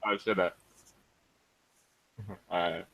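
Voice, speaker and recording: A man chatting on a group call while lying down, lazy and laid-back and quick to chuckle. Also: sits low, fairly even intonation, a bit bright, a little hiss or hum, poor audio. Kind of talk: casual group call chat. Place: lying down at home.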